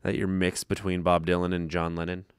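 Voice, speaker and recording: A man's voice: low-pitched, monotone, a little fast, smooth, no echo, clean studio sound. A man co-hosting a casual gaming podcast, laid-back and joking, swearing freely. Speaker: podcast co-host. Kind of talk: casual chat.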